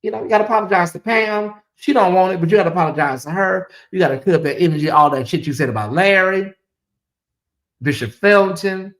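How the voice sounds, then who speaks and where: A woman's voice: fairly low pitch, quick pace. Blunt, profane woman livestream host. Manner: addresses viewers directly. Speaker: commentary channel host. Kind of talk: livestream commentary.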